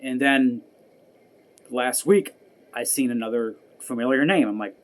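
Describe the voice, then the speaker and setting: A man's voice: medium pitch, a little slow, long pauses. Profane man ranting to camera. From United States. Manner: profane, heated, repeats himself. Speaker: vlogger. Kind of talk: angry personal rant to camera.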